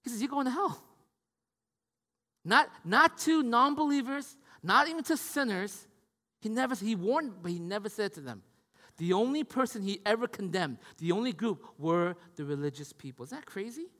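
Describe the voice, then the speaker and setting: A man preaching a sermon in a lively, conversational way, asking his listeners questions and swinging from loud to hushed. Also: high-pitched, moderate pace. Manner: conversational, asks the audience questions. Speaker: pastor. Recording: long hall reverb.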